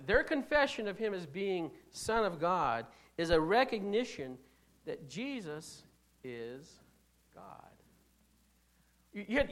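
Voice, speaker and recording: A preacher delivering a sermon in a mid-pitched voice. The delivery is emphatic, with rhetorical questions thrown to the congregation. It swings between loud stresses and quiet asides, with frequent restarts while reading scripture.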